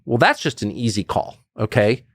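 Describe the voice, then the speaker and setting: A man's voice: mid-range voice, normal speed, slightly rough, dry recording. A man in his fifties, a guest telling stories in a conversational interview and acting out quotes. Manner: animated storyteller who acts out quotes.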